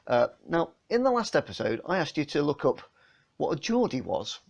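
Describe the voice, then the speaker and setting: Man from England, gravelly voice, chatty and homely, casual tasting vlog, phone mic. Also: a little high, sing-song, moderate pace. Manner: chatty, homely, lots of fillers. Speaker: beer vlogger. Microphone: phone camera.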